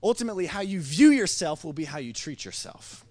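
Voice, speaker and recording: Animated male pastor telling a story. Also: a little high, a little fast. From Missouri. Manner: animated, acting out dialogue, many restarts. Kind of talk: storytelling sermon. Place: church service before a congregation.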